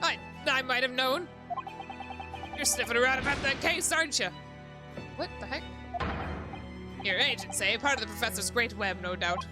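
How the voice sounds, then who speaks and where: Woman doing a gruff blustering prison governor. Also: a little high, normal speed, long pauses, natural voice. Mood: hostile. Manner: blustering, threatening, Scots-tinged dialect words. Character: gruff burly male prison governor, hostile. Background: background music.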